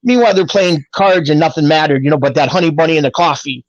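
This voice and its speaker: A middle-aged man tells stories from his life in a casual, animated way and acts out the voices of people he quotes. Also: a little high, fast, muffled recording. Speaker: guest telling his life story. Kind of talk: casual storytelling.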